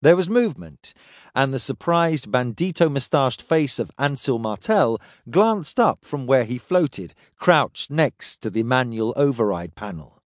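A man reading a science fiction story aloud in steady, descriptive narration. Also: medium pitch, unhurried, dry recording, clean studio sound. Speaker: audiobook narrator.

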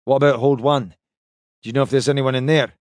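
A man's voice: mid-range voice, steady tone, fast, darkish tone, dry recording, studio quality, close to an everyday voice. A man voicing an angry male starship chief, speaking in terse, clipped lines with curses. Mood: grim.

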